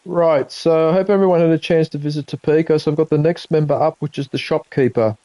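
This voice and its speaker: Another clip of the Australian streamer casually chatting with viewers mid-game, rambling between comments on play. Here his slightly high voice holds a steady tone with a dark quality, moving fast, and the sound has no echo.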